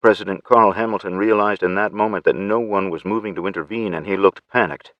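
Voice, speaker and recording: A man narrating an audiobook in first person with measured, steady storytelling. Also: deep voice, no room sound, lo-fi sound.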